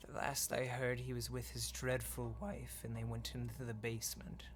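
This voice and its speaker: A game master voicing a ghostly maid in whispered role-play, hushed, slow and courteous. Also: mid-range voice, completely flat delivery, slight background noise, natural voice. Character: ghostly old-fashioned maid, female, soft and polite.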